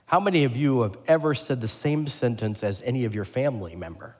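A pastor delivering a lively sermon, asking the congregation questions and joking with them. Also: male voice, medium pitch, fairly quick. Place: church sanctuary. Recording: long hall reverb.

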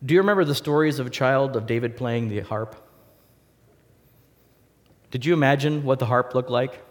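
A man preaching a sermon to a congregation, telling stories in a lively way and acting out the voices. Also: mid-range voice, normal speed, big-room sound. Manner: animated storytelling, acts out voices.

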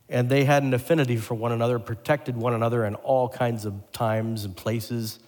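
A pastor delivering a lively sermon, asking the congregation questions and joking with them. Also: male voice, mid-range voice. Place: church sanctuary. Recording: long hall reverb.

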